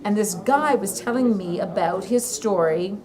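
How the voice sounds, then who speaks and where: A woman singer as a talk show guest, telling stories in an animated, laughing way. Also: mid-range voice, measured pace. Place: pub. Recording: live bar crowd behind.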